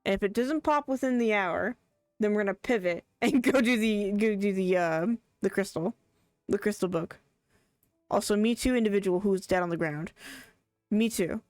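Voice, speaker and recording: A woman's voice: mid-range voice, moderate pace, a little mellow, no echo. A young woman streaming a game, chatting casually as she plays, rambling and laughing often. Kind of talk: casual live gameplay commentary.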